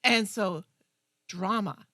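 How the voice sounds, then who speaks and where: Bright-toned young woman co-hosting. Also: medium pitch, takes it slowly, no room sound, clean studio sound. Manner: enthusiastic, animated storyteller. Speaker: co-host. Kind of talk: casual chat.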